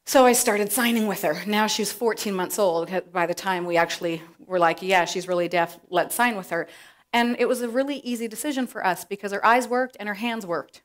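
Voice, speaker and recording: A middle-aged woman telling a personal story to an audience, animated and acting out the voices she quotes. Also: medium pitch. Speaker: presenter.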